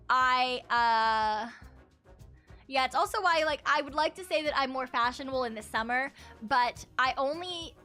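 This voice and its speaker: A woman's voice: on the high side, bright, forceful tone. A woman streamer telling stories in casual chat, rambling and often laughing.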